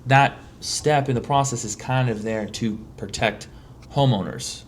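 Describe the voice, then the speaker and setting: A man's voice: mid-range voice, unhurried, slight background noise. A man hosting a casual podcast talk, speaking emphatically with lots of restarts. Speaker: podcast host, mold remediator.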